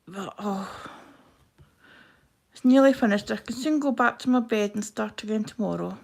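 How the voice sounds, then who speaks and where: A woman with a broad Scottish accent chatting quickly and casually to viewers on a live craft stream while she stitches. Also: mid-range voice, gravelly. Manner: quick-talking, chatty, self-deprecating. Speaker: craft livestream host.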